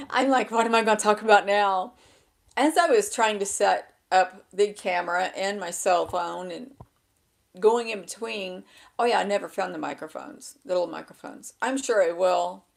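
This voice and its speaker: Sitting indoors at a table with a laptop, this vlogger rambles to camera in a casual, self-deprecating way, often losing her train of thought. Her mid-range, creaky, crackly voice runs a little slow with long pauses, picked up by a small handheld microphone.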